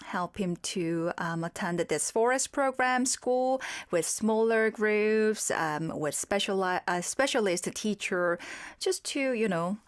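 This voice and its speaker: A woman in her thirties co-hosting a casual radio chat, expressive and quick to react, with hesitant fillers when she explains. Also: mid-range voice. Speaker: radio co-host.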